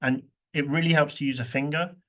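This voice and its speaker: A man's voice: on the high side, steady tone, brisk, a bit bright. A man teaching English pronunciation in an online workshop, drilling phrases with strong rhythmic stress. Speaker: workshop trainer.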